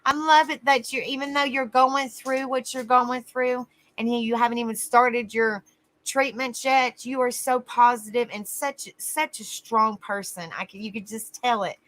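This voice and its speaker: A woman's voice: fairly high pitch, steady tone, moderate pace, a bit bright. A woman hosting a casual livestream, greeting viewers by name and calling them honey. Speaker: livestream host.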